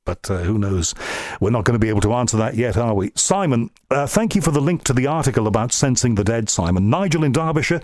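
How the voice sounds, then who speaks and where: An English man from Liverpool hosts a radio show, working through listener mail in a relaxed, thoughtful way, with plenty of ums and uhs. His voice sits at a middle pitch. It is captured dry and close on a studio mic, with no room echo. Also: fast. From Liverpool, England. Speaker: radio and podcast host. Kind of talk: reading listener emails on air, then interviewing a guest.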